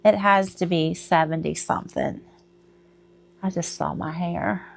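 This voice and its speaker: A woman's voice: lowish voice, steady tone, measured pace, vocal fry, slight background noise. A middle-aged woman, chatting casually to camera at home, rambling and laughing at herself. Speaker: crochet vlogger.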